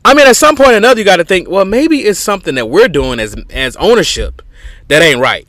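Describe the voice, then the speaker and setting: A man's voice: high voice, lively intonation, quick pace, fairly bright tone, no room sound. A man hosting a podcast, giving opinionated sports commentary in an emphatic, conversational way with frequent restarts. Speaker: podcast host.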